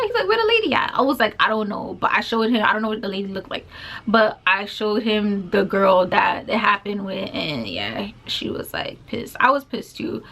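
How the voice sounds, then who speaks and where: A young woman vlogger with a mid-range, gravelly, fairly bright voice casually retells a personal story for a storytime vlog. Her telling is full of filler words and quoted back-and-forth exchanges.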